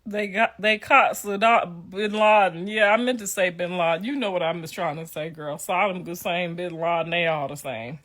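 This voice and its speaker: A woman's voice: lowish voice, normal speed, few pauses, fairly bright tone. A middle-aged woman talking casually to viewers on a livestream, telling profane stories and laughing through her words. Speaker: livestream host.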